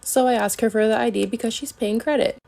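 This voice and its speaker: A woman's voice: on the high side, fast talker, gravelly, a little mellow. A woman who works retail, telling a casual storytime in a sassy, conversational way. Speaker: retail worker.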